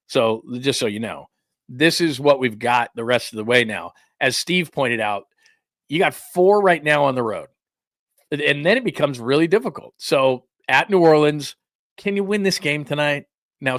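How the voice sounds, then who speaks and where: A man's voice: mid-range voice, a bit bright, dry recording, studio quality. A man hosting a casual sports talk show, chatting with viewers in a rambling, self-interrupting way.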